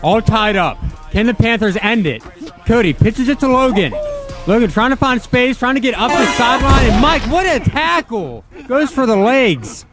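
High-voiced young man calling plays. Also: music in the background. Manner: excited play-calling with quick short calls. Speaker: play-by-play commentator. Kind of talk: sports play-by-play commentary.

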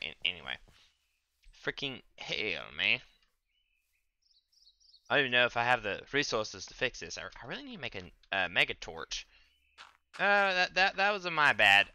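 A young man streaming a game in casual commentary, stammering and restarting his words, often breaking into loud trash talk at the monsters. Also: fairly low pitch, smooth. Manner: trash-talks the game's monsters, loud bursts of exasperation.

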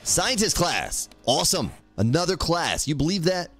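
A man's voice: on the high side, very animated, moderate pace, fairly bright tone, soft background music. A man live-streaming a survival game, chatting casually, joking and greeting viewers in the chat by name.

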